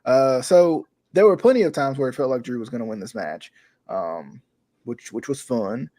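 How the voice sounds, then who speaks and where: A man hosting a wrestling podcast in casual chat, rambling and correcting himself as he gets excited. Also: medium pitch, moderate pace. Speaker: podcast host.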